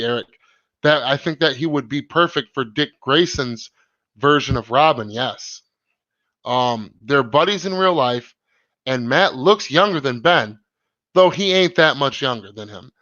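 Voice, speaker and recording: A man hosting a live stream, chatting casually in an excited, rambling, slangy way with many restarts. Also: mid-range voice, dry recording, muffled recording.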